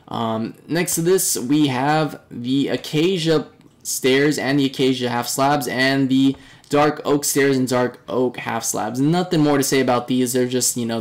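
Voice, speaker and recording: A young man narrating a casual game walkthrough in a chatty, relaxed way, his voice a little hoarse and fading. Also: mid-range voice. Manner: chatty, relaxed, with fillers and upbeat remarks. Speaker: game reviewer.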